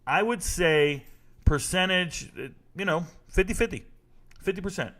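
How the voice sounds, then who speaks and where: Forties guy doing a live sports talk stream, jokey and blunt, slangy, voice sits a bit high. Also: unhurried. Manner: animated, joking, blunt, slangy. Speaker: sports talk host reading chat.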